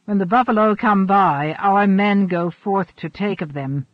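A man reading the part of a stern old shaman in an audiobook, speaking gravely and in a measured way. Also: dry recording. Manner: measured, grave, low-spoken. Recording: dull, dry recording.

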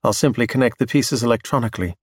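A man doing a coolly calm android scientist. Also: mid-range voice, very fast, slightly rough, dry recording, studio quality, close to an everyday voice. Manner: completely calm, matter-of-fact.

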